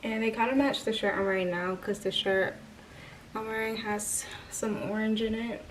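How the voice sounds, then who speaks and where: A woman's voice: a little high, fairly even intonation, normal speed. A young woman chatting casually through a try-on haul, out of breath and slipping into whispers. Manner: chatty, filler-heavy, drifts into whispers. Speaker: vlogger. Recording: distant mic with clear background noise.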